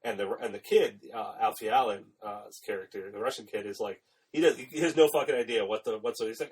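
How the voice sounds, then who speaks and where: Husky, swearing podcast guy recapping a movie. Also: fairly low pitch, expressive, fairly quick, far from the mic, poor audio. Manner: swearing, laughs often, acts out quotes. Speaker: podcast co-host. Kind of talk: casual chat retelling a film plot.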